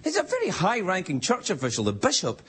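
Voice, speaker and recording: A man's voice: sits high, huge pitch swings, fast, a bit bright, husky. A Scottish man hosting a late-night talk show, delivering a rambling, self-mocking stand-up monologue. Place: television studio with live audience. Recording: studio audience laughter and noise.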